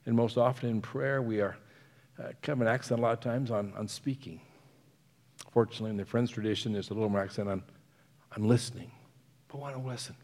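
A man's voice: on the low side, a little mellow, long reverb tail. A man preaching a sermon, earnest, often letting phrases fall to a near whisper and chuckling between points.

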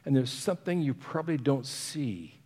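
A man's voice: mid-range voice, expressive, normal speed, dark tone, in a large hall. A man preaching a sermon, earnest, often letting phrases fall to a near whisper and chuckling between points.

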